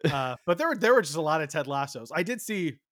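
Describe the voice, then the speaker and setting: A man hosting a podcast in casual chat, with a general Southern California accent, joking and quick with asides. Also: fairly high pitch, big pitch swings, fairly bright tone, no echo, studio quality. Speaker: podcast host.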